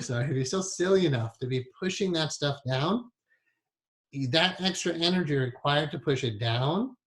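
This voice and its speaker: A man's voice: medium pitch, a bit bright. A man teaching a hypnotherapy class in a conversational way, with frequent laughs and many asides.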